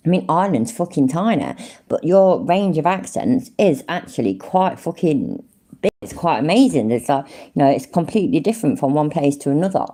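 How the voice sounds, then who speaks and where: A woman's voice: low voice, big pitch swings, normal speed, mellow. A woman with a Leicester accent chatting casually on a live stream, rambling and swearing freely with frequent laughs. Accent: Leicester English.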